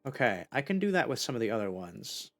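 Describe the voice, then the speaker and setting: A streamer giving casual let's-play commentary, chatty and thinking out loud with many restarts. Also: medium pitch, very animated, fast, faint music behind.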